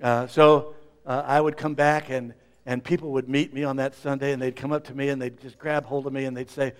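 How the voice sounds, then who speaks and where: A middle-aged man preaching a sermon as pastor, swinging between loud emphasis and quiet asides. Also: medium pitch, flat delivery, a little fast, clean tone.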